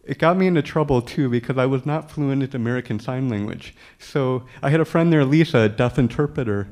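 A man's voice: medium pitch, fairly quick. A man telling a personal story to an audience in a humorous way, often chuckling as he talks. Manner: acts out dialogue with lively quoted voices.

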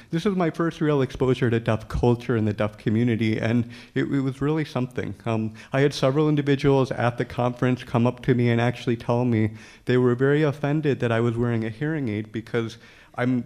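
A man's voice: medium pitch, fairly quick. A man telling a personal story to an audience in a humorous way, often chuckling as he talks. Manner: acts out dialogue with lively quoted voices.

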